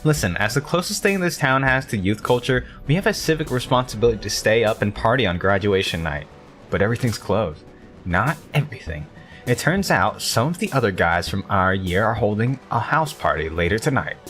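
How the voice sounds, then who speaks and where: A man's voice: very animated, fairly quick, fairly bright tone, faint music behind. A man streaming a game, reading its narration and dialogue aloud and chatting between lines. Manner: reads narration and dialogue, jumps up in pitch for characters.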